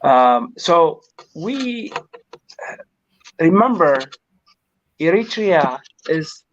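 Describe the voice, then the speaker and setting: Slow, hesitant man on dull audio. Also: a little high, sing-song, slight background noise. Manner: hesitant, many fillers. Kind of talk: casual talk show discussion.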